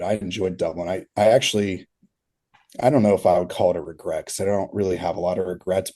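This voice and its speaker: A man in his thirties, a turf consultant appearing as a podcast guest, speaks in a low, mellow voice. He tells rambling stories packed with fillers and frequent laughs, in a casual interview style.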